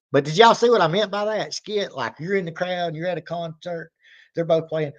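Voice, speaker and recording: A man's voice: a little high, highs cut off. A man hosting his reaction channel, chatting casually and rambling, now and then acting out little skits. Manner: rambling, drawling, acts out skits with mock shouting.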